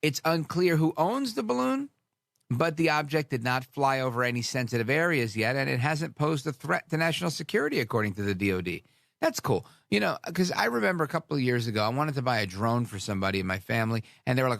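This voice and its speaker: A man's voice: mid-range voice, quick pace, gravelly, no echo, clean studio sound. A man hosting a talk radio show, delivering a sarcastic, rambling monologue full of asides. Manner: sarcastic, animated, drifts into asides.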